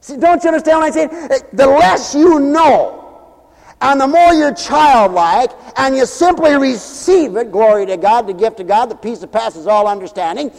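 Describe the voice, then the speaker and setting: A man's voice: very high voice, moderate pace, creaky, darkish tone, long reverb tail, low-quality recording. A man preaching a radio sermon in an emphatic, folksy manner, acting out voices as he goes.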